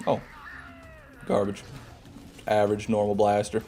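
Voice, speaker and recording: A man's voice: medium pitch, fairly even intonation, moderate pace, darkish tone, slight background noise. Joking American man streaming a game. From United States. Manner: joking, swearing, breaks into laughter. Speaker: gaming streamer. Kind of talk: live gameplay commentary, chatting with viewers.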